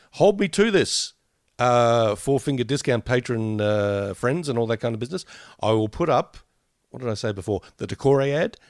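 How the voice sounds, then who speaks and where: A man's voice: mid-range voice, no room sound, clean studio sound. A man co-hosting a podcast who rambles in a jokey way and keeps correcting himself. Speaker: podcast co-host. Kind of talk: casual review chat.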